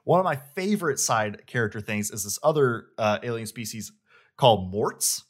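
A man's voice: mid-range voice, lively intonation, normal speed. Enthusiastic man rambling in casual chat. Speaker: host, game reviewer.

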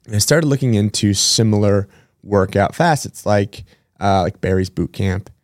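A man's voice: lowish voice, normal speed, no echo, studio quality. A man hosting a casual podcast, chatting in a rambling way with side-tracks and self-corrections. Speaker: podcast host. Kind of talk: casual solo podcast chat.

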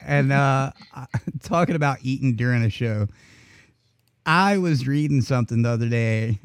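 A man co-hosting a podcast in loose, unscripted chat. He rambles and swears constantly, breaking into laughter often. His voice sits at a middle pitch and sounds dry and close. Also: normal speed, clean tone, dry recording. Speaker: podcast co-host. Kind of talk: casual chat.

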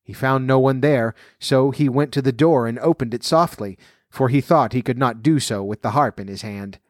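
A man's voice: medium pitch, moderate pace, dry recording. Man reading a fairy tale, dry sound. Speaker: storyteller.

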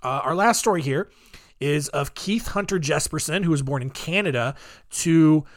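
A man's voice: fairly high pitch, normal speed, no room sound, studio quality. A young man hosting a podcast, telling true-crime stories in a loose, joking way full of ums and asides. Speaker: podcast host. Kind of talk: casual true-crime storytelling.

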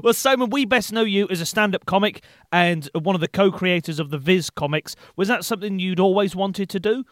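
A man's voice: high-pitched, a little fast, hardly any pauses, no echo, studio quality. A man hosting a casual podcast interview, who reacts with short agreements and asks easy-going questions. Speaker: podcast host.

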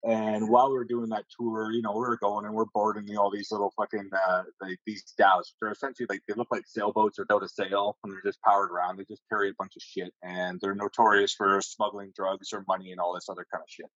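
A man's voice: fairly low pitch, little pitch movement, quick pace, few pauses, a bit bright, dry recording, highs cut off. A man, a navy sailor guest on a podcast, telling rambling stories casually, swearing often and stumbling through fillers and restarts. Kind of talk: casual storytelling.

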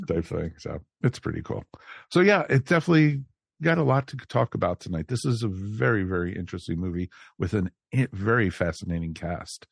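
Man, podcast host, gravelly, lowish voice, dry close sound, chatty and upbeat. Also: lively intonation, brisk, dry recording. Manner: upbeat, chatty, many fillers. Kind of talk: casual chat.

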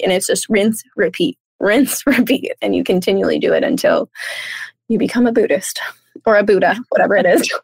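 A woman coach speaks as a podcast guest in a bubbly, animated way, slipping into playful voices for her own thoughts. Her voice has a gravelly, fried edge. The sound is close and dry. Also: mid-range voice, fairly quick, no echo. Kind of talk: casual podcast interview.

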